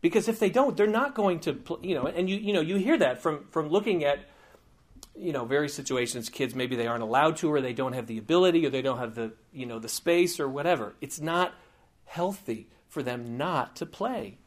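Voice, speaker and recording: A man's voice: a little high, expressive, a little fast. A man giving a conversational teaching sermon, informal and digressive, with frequent asides and light humor.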